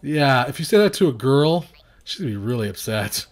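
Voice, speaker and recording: A young man giving rambling, self-mocking commentary while playing and reviewing a strategy game, now and then shouting at his units. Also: fairly high pitch, big pitch swings, fairly quick. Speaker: gaming video reviewer. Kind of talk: casual gameplay commentary.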